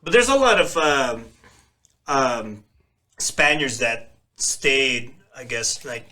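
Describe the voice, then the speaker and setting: A podcast co-host who chats in an animated way, laughing often and acting out other people's voices. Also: male voice, medium pitch, slow pace. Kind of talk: casual chat.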